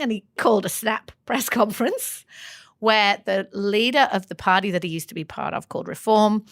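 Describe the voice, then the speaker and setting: A woman podcast host recapping the news in an opinionated, animated, chatty way. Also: mid-range voice, moderate pace, dry recording, studio quality. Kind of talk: casual chat.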